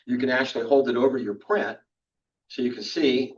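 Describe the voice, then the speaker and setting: A man's voice: medium pitch, steady tone, fairly quick. An older man talks a camera club through a casual workshop, rambling along with lots of restarts and fillers. He is picked up from well back in the room. The sound is dull and muffled. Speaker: photography instructor. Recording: distant, dull room recording.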